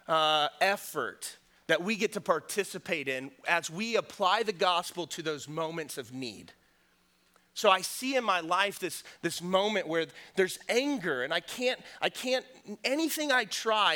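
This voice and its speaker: A man's voice: high-pitched, pushed and bright. A middle-aged man preaching a sermon, earnest and conversational, often repeating words and using fillers before rising to emphatic points. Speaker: pastor.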